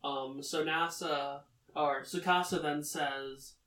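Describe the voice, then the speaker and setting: A man recaps a story casually, rambling with frequent filler pauses. His voice is a little higher than most men's. It sounds roomy and comes from some distance off the mic. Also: level tone, a bit bright. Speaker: anime recap host.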